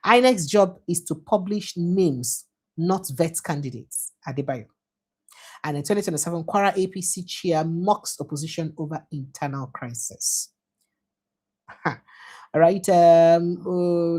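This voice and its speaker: A woman with a Nigerian accent hosting a news show, reading newspaper headlines aloud and adding quick Pidgin asides. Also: low-pitched, mellow.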